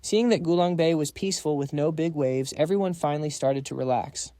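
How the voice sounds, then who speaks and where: A man's voice: fairly high pitch, a little fast, mellow, no room sound. A man narrating a comic recap in a casual, slangy storytelling voice, reading every part himself.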